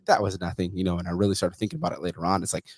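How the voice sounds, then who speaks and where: Man, podcast host, profane storyteller, rapid speech, dry close sound. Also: low voice, steady tone, no echo. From California, USA. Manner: profane storytelling, acting out quoted dialogue. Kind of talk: casual podcast conversation.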